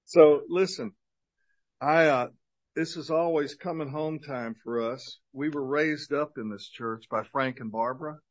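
A man in his sixties, a minister giving an energetic, joking talk to a men's group at a church, with lots of fillers. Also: on the high side, a little slow, muffled recording. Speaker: guest speaker and minister to men. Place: church gathering of men.

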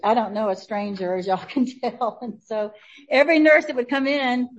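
A woman, sharing a personal testimony with an audience, telling the story warmly and laughing often. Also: on the high side, normal speed, lo-fi sound. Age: 70s.

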